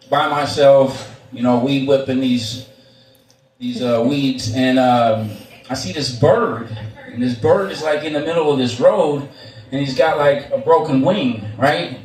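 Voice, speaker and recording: A young man tells a story on stage in a loose, rambling way, full of uh and um and frequent swearing. His voice sits at an ordinary pitch. It is picked up from a distance in an echoey room with a faint hiss underneath. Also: darkish tone. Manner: rambling and profane, with many fillers and restarts. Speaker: storyteller at a live show. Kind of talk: casual spoken storytelling. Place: live venue, on stage. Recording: echoey room, mic far off, faint noise.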